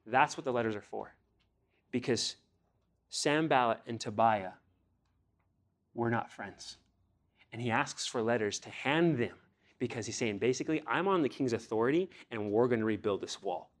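A young man delivering a sermon in an earnest preaching voice, pitched in a middle register. He reads scripture aloud and puts pointed questions to his congregation, lifting his voice on the phrases he stresses. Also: expressive, normal speed, long pauses. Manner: earnest preaching, rising with emphasis on key phrases. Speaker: pastor.

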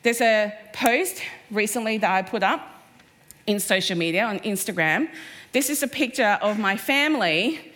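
Animated woman telling stories on stage. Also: mid-range voice. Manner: animated, acts out quoted voices. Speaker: speaker at a live event. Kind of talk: personal storytelling talk. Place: stage before a live audience.

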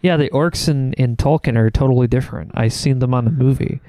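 A man's voice: mid-range voice, a little fast, dark tone. A man in a casual podcast chat with friends, asking playful, mock-naive questions.

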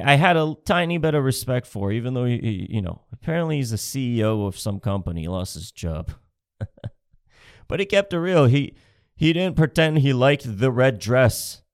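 A man's voice: medium pitch, lively intonation, normal speed, no room sound, clean studio sound. Profane sarcastic man ranting comedically. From Canada. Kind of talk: comedic rant.

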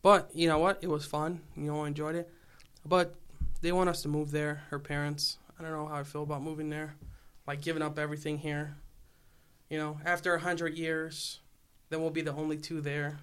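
A young man with a Chicago accent rambles through a laid-back podcast chat, full of swearing and "like." His voice sits a little high and comes across smooth and resonant. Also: flat delivery, fairly quick, a bit bright. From Illinois. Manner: rambling, swears a lot, lots of "like". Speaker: podcast host. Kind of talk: casual chat.

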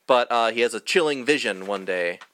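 A man walking through a film's plot for friends, tossing in dry one-liners as he goes. His voice is bright, at an ordinary pitch for a man. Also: expressive, clean tone, no room sound. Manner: dry, narrates the plot with quick jokes. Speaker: podcast co-host. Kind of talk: casual comedic movie recap.

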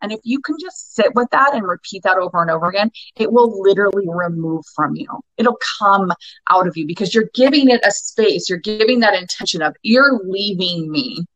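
A woman in her forties speaks with a bright, forceful voice. She is emphatic and swears freely as she coaches. The recording is dry, with no room sound. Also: medium pitch, expressive, a little fast, no echo, rough recording. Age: 40s. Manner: emphatic, profane, passionate. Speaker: guest, anger-work coach. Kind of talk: podcast interview.

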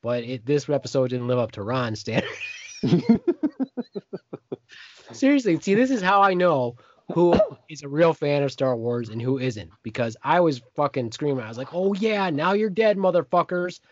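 Animated, swearing man on a podcast. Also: mid-range voice, moderate pace, pauses often, no echo. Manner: loud, profane, animated. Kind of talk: casual podcast chat. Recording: dull lo-fi dry recording.

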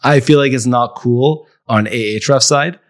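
A man's voice: medium pitch, normal speed, dry recording, clean studio sound. A man co-hosting a casual marketing podcast, reading news quotes aloud with many ums and restarts. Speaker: podcast co-host.

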